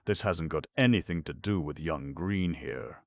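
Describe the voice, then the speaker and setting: A man's voice: rumbling low, unhurried, creaky, no room sound, clean studio sound, exaggerated voice. A man voicing a cocky young boy pickpocket who boasts in street slang. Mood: swaggering.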